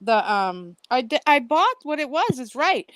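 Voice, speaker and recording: A woman's voice: sits high, big pitch swings, a little slow, crowd noise. A woman co-hosting a casual panel chat over a video call, brash and profane. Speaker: co-host. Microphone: video call with plug-in headphones.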